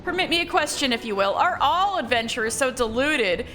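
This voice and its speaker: A woman's voice: sits high, expressive, a little fast, a bit bright, soft background music. A woman voicing a scornful male commander from a video game, reading his formal, mocking lines aloud on a live stream. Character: haughty male imperial commander, scornful villain.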